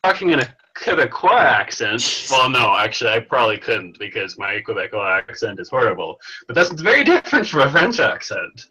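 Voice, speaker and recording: A man's voice: mid-range voice, big pitch swings, a little fast, few pauses, sharp tone, slightly rough, rough recording. A tired Canadian man from British Columbia, chatting casually on a video call, rambling and laughing as he talks. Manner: rambling, self-interrupting, laughs often.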